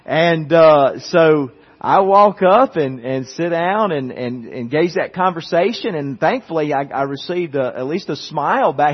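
A man's voice: fairly high pitch, animated, unhurried, hardly any pauses, breathy edge. A man preaching a sermon, telling a personal story in a conversational way, with frequent restarts and asides to the congregation. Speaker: pastor. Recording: dull muffled recording with long hall reverb.

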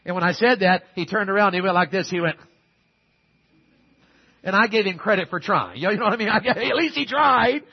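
A man's voice: high voice, animated, brisk, pauses often, slightly rough, lo-fi sound. A middle-aged man preaching a sermon as pastor, telling folksy stories and pressing his points emphatically. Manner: folksy storytelling, emphatic exhortation.

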